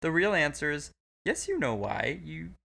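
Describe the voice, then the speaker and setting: A man's voice: on the high side, sing-song, moderate pace, gravelly, bright, forceful tone. A young man co-hosting a casual movie review chat, crude and sarcastic, laughing often. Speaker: podcast co-host.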